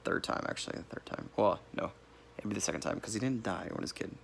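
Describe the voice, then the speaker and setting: A man's voice: low-pitched, fast talker, gravelly, fairly bright tone, slight background noise. A man giving a casual, rambling movie review, correcting himself as he goes and laughing here and there. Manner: laughs now and then while talking.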